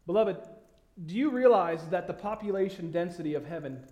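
A man preaching a sermon in a conversational way, with many fillers and pauses, building to emphatic questions. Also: high-pitched, animated, mellow. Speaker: pastor. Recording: echoey room.

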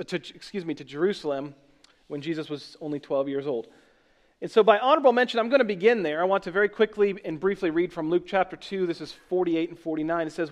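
A man preaching a sermon as pastor, earnest and conversational, often restarting and correcting himself. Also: high-pitched.

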